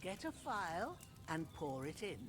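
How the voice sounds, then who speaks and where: An actor voicing a kindly herbalist in a video game who gently guides a helper through brewing a potion in a plain, encouraging way. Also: medium pitch, very animated, a little slow, soft background music. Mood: calm.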